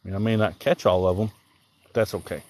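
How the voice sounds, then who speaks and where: Easygoing low-voiced Southern man. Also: fairly even intonation, fast talker, darkish tone. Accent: Southern American. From Southern Illinois. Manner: rambling, easygoing, thinks aloud, reads out viewer comments. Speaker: livestreaming angler. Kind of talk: casual live-stream chat while fishing. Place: outdoors by the water.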